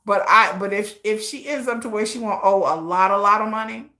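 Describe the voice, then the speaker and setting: A woman hosts a casual commentary live stream with a bright, forceful voice. She talks in an animated, slangy, gossipy way and laughs often. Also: medium pitch, fairly quick.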